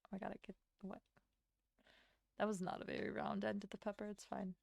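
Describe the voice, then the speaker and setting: A young woman from Latvia, a streamer chatting casually with her chat while she draws, rambling and answering with quick laughs. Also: medium pitch, flat delivery, gravelly, a little mellow, no room sound. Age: young adult.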